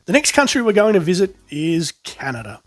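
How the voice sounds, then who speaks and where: A man's voice: high voice, big pitch swings, fairly quick, dry recording, faint music behind. A man from South Australia with an Australian accent, presenting his toy collection in a chatty, enthusiastic way. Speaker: toy collector vlog host. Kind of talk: casual show-and-tell presenting.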